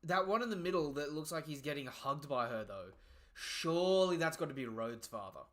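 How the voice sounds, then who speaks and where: An excitable young man reacts live, full of slang and cutting himself off mid-thought. His voice sits a bit high and rings bright and forceful, and his delivery comes in quick bursts. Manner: excitable, slangy, breaks off and restarts mid-sentence. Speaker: manga reaction host.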